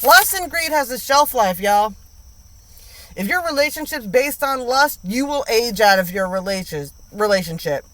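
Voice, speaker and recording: A woman reads tarot in a casual, unscripted way, with a bright, sharp edge to her voice. She talks bluntly, piles up slang and swearing, and hammers her points home by repeating them. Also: on the high side, lively intonation, moderate pace, dry recording. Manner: emphatic, blunt, repeats lines for emphasis; slangy and profane. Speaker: tarot reader.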